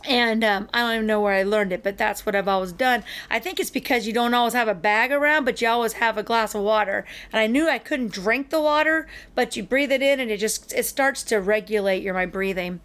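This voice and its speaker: Middle-aged woman chatting on a podcast, kinda high voice, animated storyteller. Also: brisk, hardly any pauses, clear, resonant tone. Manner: animated, acts out the people in her stories. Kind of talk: casual storytelling chat.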